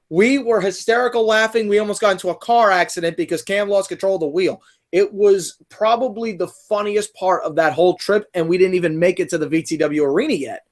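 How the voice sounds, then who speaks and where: A man's voice: on the high side, normal speed. Young man hosting, rambling and upbeat. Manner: rambling, many fillers and restarts. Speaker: podcast host. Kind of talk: casual podcast chat.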